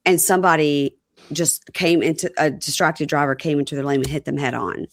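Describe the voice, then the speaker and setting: A woman's voice: low voice, steady tone, a little fast, no echo, clean studio sound. A woman co-hosting a podcast, chatting casually as she recaps a reality show and acts out quotes. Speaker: podcast co-host. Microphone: home computer mic over a call.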